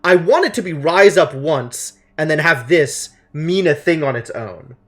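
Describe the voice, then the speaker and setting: Excitable male streamer thinking aloud. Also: fairly high pitch, unhurried. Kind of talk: casual game commentary.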